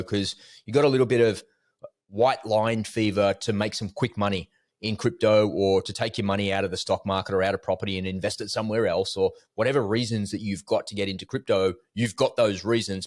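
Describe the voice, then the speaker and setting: Male podcast co-host, low voice, animated storyteller, dry close sound. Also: no room sound. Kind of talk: casual podcast chat.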